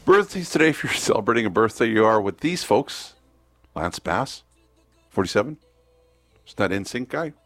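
A man's voice: lowish voice, big pitch swings, moderate pace, long pauses, a bit bright, no echo, faint music behind. A man hosting a radio morning show, chatting casually and reading out birthdays and dates on a studio mic. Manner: chatty, reads out dates and birthdays, jokes around. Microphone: studio microphone.

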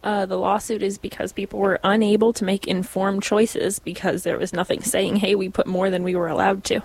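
A woman's voice: medium pitch, flat delivery, brisk, darkish tone, a little hiss or hum. A woman co-hosting a casual morning radio show, reading news items in a dry, matter-of-fact way. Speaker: radio co-host.

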